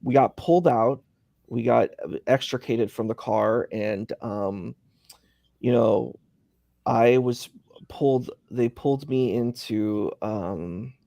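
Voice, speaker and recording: A man's voice: mid-range voice, slow pace, creaky, warm tone, dry recording. A man in casual conversation, rambling through a story with many fillers, speaking from a hospital.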